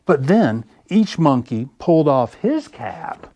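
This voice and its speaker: A children's librarian reading picture books aloud at story time, slow and expressive. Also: male voice, a little high, creaky, dry recording. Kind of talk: picture-book read-aloud.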